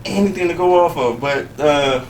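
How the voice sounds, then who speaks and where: A man's voice: fairly high pitch, normal speed. A man hosting a casual podcast chat, emphatic and profane, laughing as he tells stories. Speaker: podcast host. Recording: echoey room, mic at a distance, faint noise.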